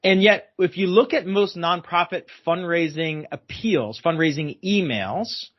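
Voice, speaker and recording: A man's voice: a little high, measured pace. A man as a guest expert on a podcast interview, explaining at length and emphatically repeating his key phrases. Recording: dull lo-fi sound.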